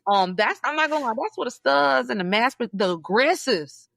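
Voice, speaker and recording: A woman from Southeast Georgia, a guest in a casual interview, telling stories in an animated, emphatic way with sudden high, loud bursts. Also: moderate pace, vocal fry. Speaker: podcast guest, librarian.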